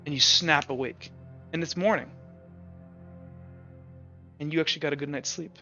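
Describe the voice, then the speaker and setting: A man's voice: on the high side, moderate pace, sharp tone, highs cut off, soft background music. A man narrating as game master of a tabletop game, in a casual, rambling way full of fillers. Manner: casual, rambling, frequent "like" and restarts.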